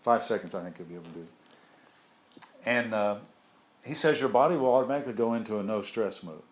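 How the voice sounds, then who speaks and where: A man's voice: fairly low pitch, fast talker. Rambling man leading a spiritual group. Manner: rambling, conversational, with restarts and asides. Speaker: group leader. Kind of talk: informal spiritual talk to a group.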